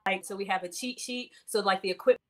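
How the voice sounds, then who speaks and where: A woman hosting a cooking video, giggly and excitable, often breaking off and restarting sentences. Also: medium pitch, fast talker. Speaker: cooking show host. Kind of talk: casual chat on a video call.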